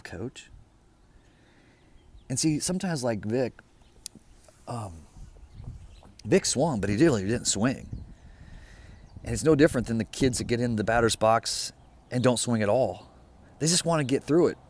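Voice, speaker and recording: A middle-aged man giving an informal sermon, telling a story in a lively, conversational way. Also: medium pitch, slight background noise. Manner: storytelling, lively and conversational, drops to a hush for quoted dialogue. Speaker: preacher.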